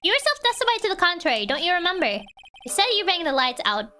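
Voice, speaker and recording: A woman's voice: very high voice, very animated, quick pace, pushed and bright, full character voice. A woman reading as an earnest young lawyer. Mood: accusing. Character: young male defense lawyer, earnest and pressing.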